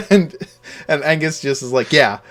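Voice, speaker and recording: A man hosting a relaxed recap of a tabletop game session. He retells moments with lots of laughter and lively energy. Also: mid-range voice, measured pace. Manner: laughing, animated retelling of scenes. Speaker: dungeon master host. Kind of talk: casual podcast recap chat.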